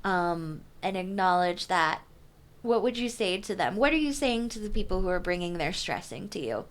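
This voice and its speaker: A woman hosting a casual podcast interview, friendly and affirming, often jumping in with quick agreement. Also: lowish voice, expressive. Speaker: podcast host.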